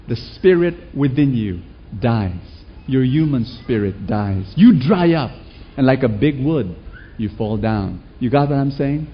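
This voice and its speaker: A man preaching a sermon to a congregation, animated, with rhetorical questions and sudden shouts. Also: medium pitch, measured pace. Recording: dull lo-fi recording.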